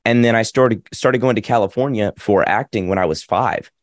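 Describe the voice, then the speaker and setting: A man's voice: fairly low pitch, normal speed, dry recording, clean studio sound. A young man from Nashville with a light Southern accent, chatting and joking as an interview guest on a video call. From Nashville, Tennessee. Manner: chatty, joking, animated storyteller. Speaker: actor and musician, interview guest.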